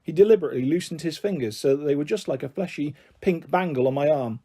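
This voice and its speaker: Man reading a storybook, mellow voice. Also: fairly high pitch, fast talker, breathy edge.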